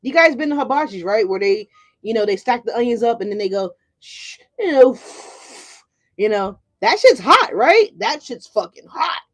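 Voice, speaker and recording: A woman's voice: a little high, sing-song, brisk, a bit bright. A woman doing a casual tarot reading for her viewers, chatty and profane, often asking "right?". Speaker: tarot card reader.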